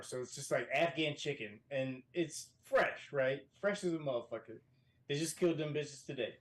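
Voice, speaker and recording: Profane, lively storytelling man. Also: on the high side. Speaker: podcast guest. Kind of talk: casual podcast chat. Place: hotel room.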